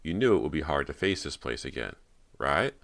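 A man voicing a warm, outgoing teenage boy actor who talks with easy, gentle concern. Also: rumbling low, big pitch swings, fairly quick, vocal fry, no room sound, heavily acted.

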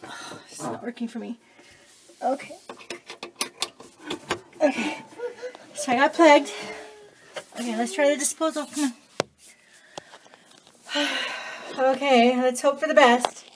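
A woman and mother filming a casual how-to vlog in her home kitchen, talking into an iPad she holds in one hand, chatty and bursting into excited cheers. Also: high-pitched, slow, long pauses. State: out of breath. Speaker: home DIY vlogger and mother. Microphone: iPad held in one hand. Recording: noisy home recording.

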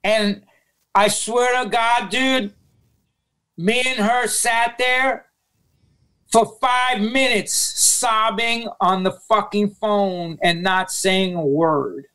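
A man's voice: sits high, fairly even intonation, slow pace, pushed and bright, clear, resonant tone. A middle-aged man with a New York accent, telling a raw story as a podcast guest, blunt and swearing often. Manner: blunt, heavy swearing, emotional retelling. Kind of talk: casual interview storytelling.

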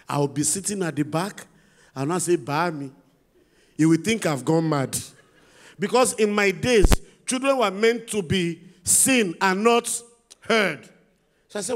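Middle-aged Nigerian male comedian, high voice, lively storytelling on stage. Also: measured pace. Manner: animated storytelling, acts out his son in a squeakier voice. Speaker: stand-up comedian. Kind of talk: stand-up comedy performance.

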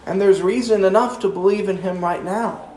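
A man preaching a sermon in a church. He talks earnestly, slows down to stress key phrases, and repeats words as he restarts. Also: sits high, fairly even intonation, a little mellow. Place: church sanctuary. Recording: roomy echo, mic at a distance, faint room noise.

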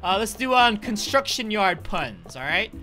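A man hosting a gaming video, hyped and joking with loud bursts of excitement. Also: sits high, a little slow, soft background music. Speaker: gaming YouTuber host. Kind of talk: excited let's-play commentary.

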